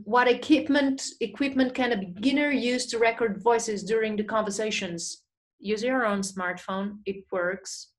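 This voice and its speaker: A woman presenting a webinar, reading out audience questions and answering them in a chatty way with many fillers. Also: medium pitch. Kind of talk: live webinar Q&A. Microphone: small video mic or phone.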